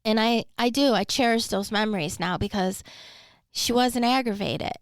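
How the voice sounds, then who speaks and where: A woman's voice: a little high, normal speed, dry recording. A middle-aged woman hosting a podcast, telling her own caregiving story in an earnest, heartfelt way. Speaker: podcast host, former caregiver. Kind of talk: personal reflective talk.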